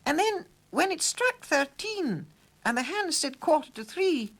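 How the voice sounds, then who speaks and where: A man's voice: very high-pitched, sing-song, measured pace, a bit bright, pitched above the performer's own voice, exaggerated voice. A man voicing a homely, gossipy female housekeeper in a raised voice. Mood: chatty. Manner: gossipy, folksy. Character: chatty housekeeper woman, homely.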